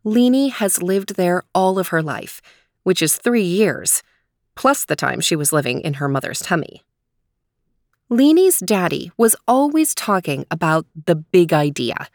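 A woman host narrating a children's story in a gentle, expressive voice. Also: fairly low pitch, unhurried, no echo, clean studio sound.

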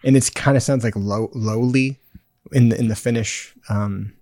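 Laid-back low-voiced podcast guy. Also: steady tone, moderate pace, warm tone, dry recording, studio quality. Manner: laid-back, rambling, drops his voice at phrase ends. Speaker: podcast co-host. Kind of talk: casual podcast chat.

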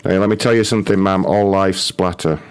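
A man's voice: sits low, fairly even intonation, fairly quick. A British man making a prank phone call, mocking and provoking the person on the line. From Britain. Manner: mocking, provocative, laughs at the other side. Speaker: prank caller.

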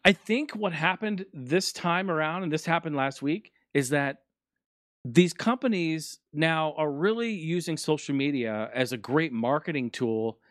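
A man's voice: fairly high pitch, no echo, studio quality. A man hosting a casual solo podcast, ranting animatedly and swearing often. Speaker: podcast host.

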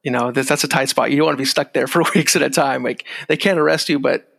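Gravelly man telling stories in a reverberant room. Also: mid-range voice, fairly even intonation, quick pace, fairly bright tone. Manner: laid-back, laughs while telling stories, acts out quoted lines. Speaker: guest, former security agent. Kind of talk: casual storytelling.

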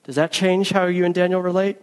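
A man's voice: high voice, flat delivery, fairly quick, a little mellow, clean tone, big-room sound. A man preaching a sermon as pastor, emphatic and earnest, mixing teaching with storytelling.

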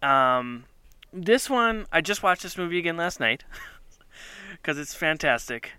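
A man's voice: a little high, expressive, takes it slowly, pushed and bright, clear, resonant tone, no room sound. Enthusiastic rambling man. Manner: enthusiastic, rambling, many fillers. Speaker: podcast co-host. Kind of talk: casual chat.

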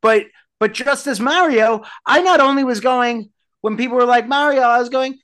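A man's voice: very high voice, fairly bright tone. Swearing male podcast co-host. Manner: rambling, swears often, quick asides. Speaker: radio personality. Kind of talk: casual profane chat.

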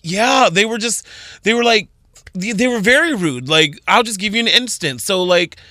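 A man's voice: high-pitched, expressive, normal speed, pushed and bright, no room sound, clean studio sound. A man, a retail worker guest, animatedly telling a dramatic story on a radio show.

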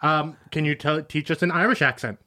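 A man in casual banter who makes quick, jokey quips. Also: a little high, sharp tone.

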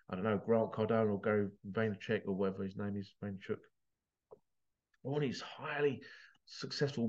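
A man's voice: fairly low pitch, darkish tone, lo-fi sound. A man giving an emotional motivational talk, passionate and swearing, his voice breaking as he gets teary. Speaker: motivational vlogger.

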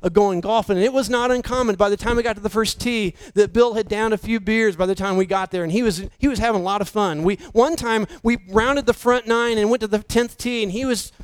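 A man preaching a sermon, slow and emphatic, dropping his voice low for key points. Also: smooth, dry recording, low-quality recording. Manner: slow, emphatic preaching with dramatic drops to near-whisper. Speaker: pastor.

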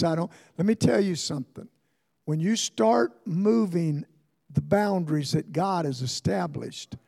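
Older preacher with a gravelly voice. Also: male voice, a little high. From Ohio, USA. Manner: preaching, building to fervent shouts. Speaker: pastor. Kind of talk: sermon. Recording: long hall reverb.

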